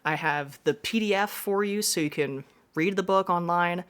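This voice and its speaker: A woman's voice: lowish voice, normal speed, clear, resonant tone. Upbeat woman teacher explaining step by step. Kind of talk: classroom lesson.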